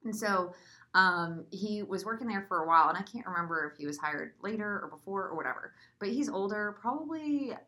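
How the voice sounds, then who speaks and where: A woman's voice: medium pitch, animated, a little fast, bright, forceful tone. A young woman in her twenties telling a long personal story in casual chat, full of fillers and laughing as she goes.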